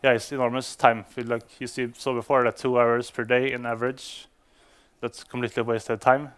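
A man gives a conference talk to developers in English, which isn't his first language; he's a native Swedish speaker. His voice is medium-pitched, fairly bright and smooth, with a level tone at normal speed, and he hesitates a lot, full of fillers and restarts.

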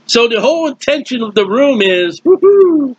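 A man with a fairly high, husky, rather bright voice teaches informally through a Bible passage, speaking expressively at a normal speed. He keeps it conversational, uses everyday comparisons and often restarts sentences, in dull, lo-fi audio that sounds dry and close with no room sound.

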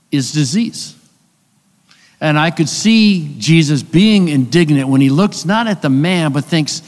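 A man giving a conversational conference lecture, explaining with rhetorical questions and asides. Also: medium pitch. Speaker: conference speaker on biblical texts. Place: church hall. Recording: long hall reverb.

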